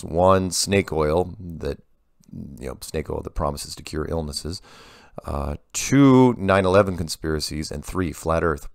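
Deep gravelly man reading viewer mail. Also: no echo, clean studio sound. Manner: rambling, with frequent restarts. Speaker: host answering viewer emails. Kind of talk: casual monologue.

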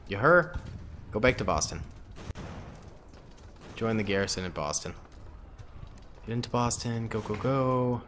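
A man's voice: fairly low pitch, fairly bright tone, slight background noise. A young man giving casual gameplay commentary, chatting to himself and pleading with his units. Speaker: gaming YouTuber.

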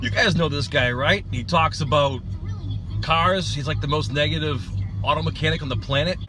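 A man's voice: fairly high pitch, moderate pace, loud music behind the voice, low-quality recording. A man hosting his own vlog, ranting sarcastically and mocking another creator. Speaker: channel host.

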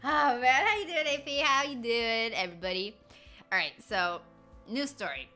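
A woman's voice: a little high, expressive, moderate pace, bright, forceful tone, faint music behind. A woman in her twenties chatting casually with her stream viewers, rambling through stories, laughing often and greeting chat along the way. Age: 20s. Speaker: livestreamer.

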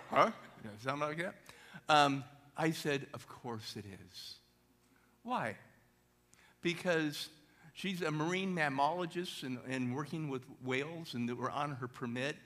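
High-energy man telling a story. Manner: high-energy, animated storytelling with questions to the audience. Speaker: motivational speaker. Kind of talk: storytelling talk to a church audience.

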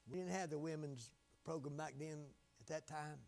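An older man preaching a sermon with fervor, swinging between loud exhortation and hushed asides. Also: on the high side, normal speed, vocal fry. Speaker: pastor.

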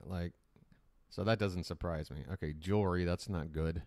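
A man's voice: low voice, steady tone, moderate pace, a little mellow, dry recording, clean studio sound. A man hosting a live reaction stream, rambling in casual, profane commentary.

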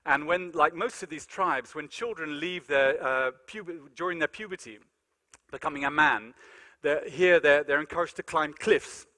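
A man giving a lecture in a large conference hall, telling animated, self-deprecating stories. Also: a little high, normal speed. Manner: animated, self-deprecating anecdotes, many fillers. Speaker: keynote lecturer. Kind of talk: storytelling lecture with acted-out dialogue.

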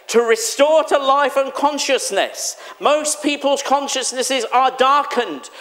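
A man preaching a sermon in a church, animated and exclamatory, acting out the voices he quotes. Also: very high-pitched. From England. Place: church hall.

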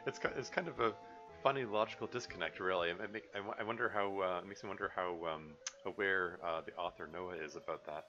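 A man commentating on a game with wry, sarcastic asides, often pausing on fillers. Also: low voice, bright, forceful tone, faint music behind. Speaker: let's play host. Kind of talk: gameplay commentary. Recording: dull lo-fi recording.

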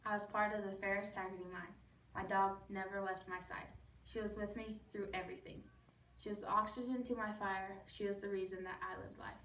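A woman reciting a first-person poem as a student, in a calm, measured storytelling delivery. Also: mid-range voice. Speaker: student reader. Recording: echoey room from far off, faint background noise.

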